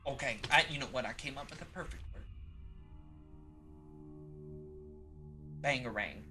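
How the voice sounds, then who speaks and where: A woman's voice: very deep voice, quick pace, bright, forceful tone, voice pushed down. A woman playing a flustered, nervous female space dock shipmaster who stammers and apologizes, with music behind. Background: background music.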